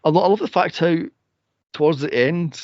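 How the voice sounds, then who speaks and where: A man hosting a movie podcast in casual chat, animated and laughing often as he acts out quotes. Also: a little high, normal speed, no echo, muffled recording. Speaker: podcast host.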